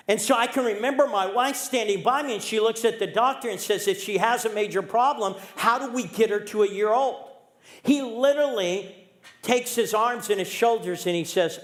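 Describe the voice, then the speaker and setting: A man in his sixties, a pastor telling a personal story in a sermon, acting out the voices and dropping low and quiet at the serious moments. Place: church sanctuary. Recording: echoey church sanctuary.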